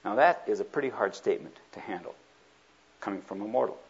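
A man preaches a sermon with a husky, slightly rough voice. His pitch rises and falls in big swings as he acts out the speakers he quotes. The recording is dull and lo-fi. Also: animated, fast talker.

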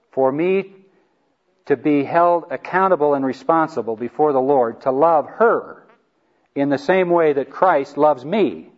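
A man giving an earnest Bible teaching on marriage to a group, stressing key lines by repeating them. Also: mid-range voice. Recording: dull lo-fi recording.

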